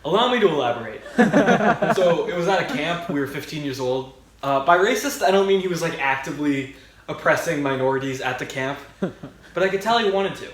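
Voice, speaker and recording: A young man telling a stand-up comedy story in a deadpan way, acting out the people he quotes. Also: fairly high pitch, fairly quick, noisy background. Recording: echoey room with crowd laughter.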